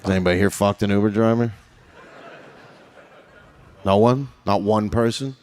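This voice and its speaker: A man's voice: fairly low pitch, moderate pace, a little mellow, a little hiss or hum. A man doing a stand-up set, crude and rambling, full of filler words and laughing at his own jokes. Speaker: stand-up comedian.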